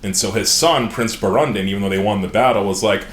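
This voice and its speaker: Talking fast in a fairly low voice, this man hosts a laid-back podcast where he excitedly recounts fantasy lore, peppering it with profanity. The audio has a roomy, echoing quality.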